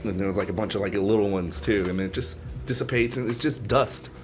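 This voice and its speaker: Deep-ish male podcast co-host, meandering casual explainer, light music bed. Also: a little fast. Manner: rambling explainer, many fillers. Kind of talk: casual chat.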